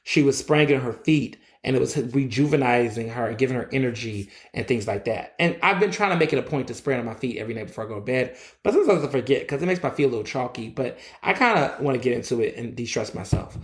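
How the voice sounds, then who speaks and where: A man's voice: medium pitch, expressive, quick pace, hardly any pauses, reverberant. A man hosting his own solo podcast, ranting bluntly and with plenty of profanity. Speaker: podcast host. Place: recording in Philadelphia.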